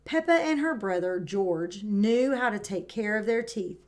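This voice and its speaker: A woman teaching kindergarten and reading a picture book aloud, who models words clearly and praises the children warmly. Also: mid-range voice, expressive, measured pace. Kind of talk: read-aloud lesson for young children. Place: home, indoors.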